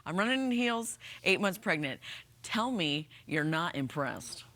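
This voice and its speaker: A woman's voice: fairly low pitch, big pitch swings, measured pace, bright, forceful tone. A young woman from Missouri co-hosting a morning TV show in a studio, chatty and laughing often. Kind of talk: casual morning TV chat.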